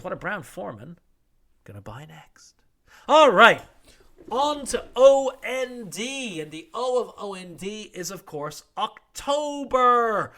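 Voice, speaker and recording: Wry, lively male podcast host. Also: a little high. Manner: wry, irreverent, swears freely, acts out quotes. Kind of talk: casual news roundup monologue.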